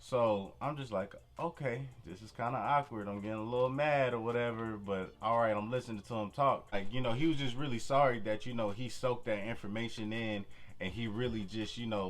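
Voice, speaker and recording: A man's voice: lowish voice, brisk. Laid-back young man telling a story. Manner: relaxed street slang, frequent "you feel me". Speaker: vlogger. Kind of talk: casual storytelling to camera.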